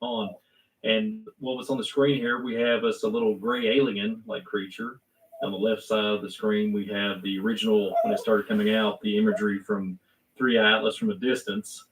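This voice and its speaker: A man's voice: on the low side, flat delivery, moderate pace, slight background noise. Rambling man talking from a distance. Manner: rambling, self-correcting, full of fillers. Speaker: host. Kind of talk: casual talk-show chat.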